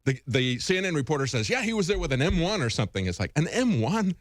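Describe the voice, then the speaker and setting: A man co-hosting talk radio, asking questions in a quick, indignant manner. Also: on the high side, big pitch swings, fairly bright tone, dry recording. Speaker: co-host reporter.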